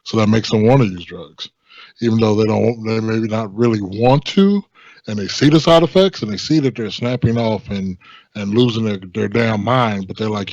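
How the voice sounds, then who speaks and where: A man co-hosting a podcast who speaks in a reflective, measured way. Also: on the low side, darkish tone, no echo, lo-fi sound. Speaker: podcast co-host, wrestler. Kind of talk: casual podcast chat.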